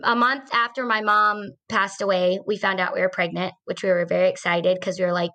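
A woman in her forties shares a personal story on a discussion podcast. Her voice is bright and clear at a middle pitch, and she talks earnestly and conversationally, with an occasional "um" and restarted phrase. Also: little pitch movement, fairly quick, few pauses. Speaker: podcast host.

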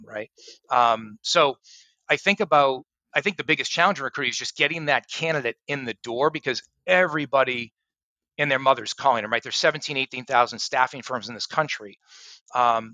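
A middle-aged man talking as a podcast guest, with a bright, forceful voice. He tells animated stories and plays out his own cold-call pitches. The sound is dry and close. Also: no echo, poor audio. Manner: animated storyteller who acts out phone pitches. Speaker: guest, sales and recruiting coach. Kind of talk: casual podcast interview.

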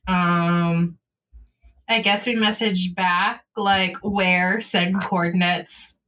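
A woman playing a tabletop game with friends, giggly and prone to loud outbursts. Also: on the low side, fairly even intonation, drawn-out words. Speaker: player. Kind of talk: casual tabletop game play.

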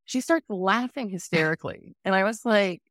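A woman in her forties hosting a podcast, telling a story in a casual, animated way and laughing often. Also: mid-range voice, normal speed, no echo, clean studio sound. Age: 40s. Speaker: podcast host.

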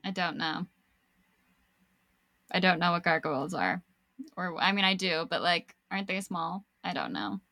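A young woman telling a personal story in casual chat, animated and swearing freely as she acts out what people said. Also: on the low side, moderate pace, gravelly, long pauses, no room sound, clean studio sound. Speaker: podcast guest storyteller.

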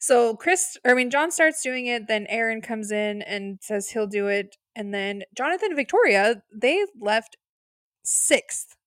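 A woman's voice: on the high side, expressive, measured pace, fairly bright tone, dry recording, clean studio sound. Giggly woman retelling a show. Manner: giggly, incredulous storyteller. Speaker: podcast co-host. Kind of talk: casual recap chat.

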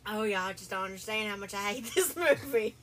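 A woman's voice: mid-range voice, fairly quick, recorded from a distance, noisy background. A woman co-hosting a podcast in casual chat, emotional and insistent, repeating herself. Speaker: podcast co-host.

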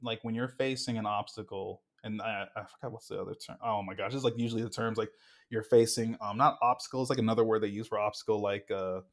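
A man's voice: on the low side, fast. A young man co-hosting a casual sports podcast, getting worked up and acting out what players said. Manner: animated, gets worked up, acts out quotes. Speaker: podcast co-host.

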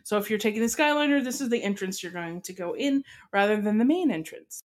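A woman's voice: medium pitch, animated, fast talker. A woman co-hosting a podcast, chatting casually and explaining tips with many fillers. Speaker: podcast co-host. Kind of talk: casual chat.

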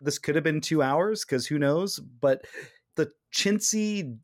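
A man hosting a podcast in casual, animated conversation, his voice sitting a touch higher than most men's. He now and then acts out quoted lines as he talks. The sound is dry and close, with no room around it. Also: slow, no room sound. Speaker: podcast host.

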